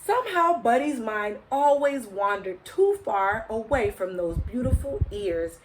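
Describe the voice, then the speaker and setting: Slow, expressive storybook reader. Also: female voice, on the high side, slight background noise, rough recording. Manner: expressive, with chatty asides to young listeners. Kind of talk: reading a picture book aloud to children.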